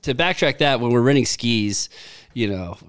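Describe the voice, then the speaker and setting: A man's voice: medium pitch, moderate pace, smooth, no room sound, clean studio sound. A man in his thirties co-hosting a casual golf podcast, telling stories with lots of swearing and acted-out quotes. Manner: animated storyteller, swears freely, acts out quotes. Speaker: podcast co-host.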